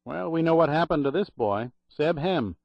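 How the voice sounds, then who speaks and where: A man's voice: a little high, lively intonation, normal speed, creaky, dry recording, voice pushed up. A man voicing a slangy, jaunty young records clerk in an audiobook, on a dull, dry recording. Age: young adult.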